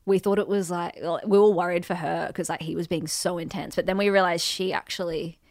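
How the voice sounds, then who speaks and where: Australian woman, thirties, lowish voice, crude laughing gossip, dry close mic. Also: steady tone, brisk, dry recording. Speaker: podcast co-host. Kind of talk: casual comedy chat.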